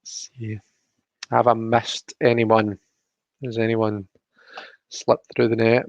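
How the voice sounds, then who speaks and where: Male stream host, gravelly, chatty, dull dry home-mic sound. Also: fairly low pitch, monotone, slow, dry recording. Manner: chatty, greets viewers by name, reads chat aloud. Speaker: livestream host. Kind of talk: casual live-stream chat.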